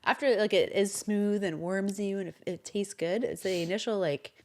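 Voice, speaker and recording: A woman's voice: mid-range voice, fairly even intonation, normal speed, a crowd in the background. A woman co-hosting a podcast who leads the segments and chats casually, laughing easily. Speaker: podcast co-host. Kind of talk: casual chat.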